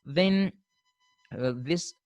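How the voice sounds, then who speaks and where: A man giving a classroom lecture on spelling, pausing with "uh" and repeating "fine" as he spells out letters. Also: a little high, a little mellow, dry recording, dull audio. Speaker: linguistics lecturer.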